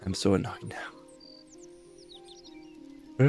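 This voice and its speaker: Slow, gravelly-voiced man streaming a game. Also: on the low side, darkish tone, lo-fi sound, soft background music. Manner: rambling, easygoing, thinking aloud. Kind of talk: casual chat while gaming.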